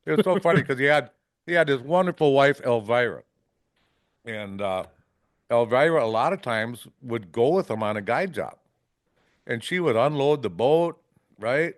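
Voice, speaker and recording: A man's voice: medium pitch, lively intonation, moderate pace, dry recording, clean studio sound. A man from Wisconsin, a fishing guide, telling rambling stories on a podcast, often ending lines with "right?" and acting out salty quotes. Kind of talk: casual storytelling. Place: podcast studio.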